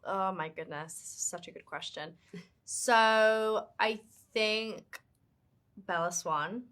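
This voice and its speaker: Young British woman, actress on a press day, bright-toned, chatty, loose with fillers. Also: medium pitch, slow. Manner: chatty, animated, many fillers. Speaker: actress and author being interviewed. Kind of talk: casual press junket interview.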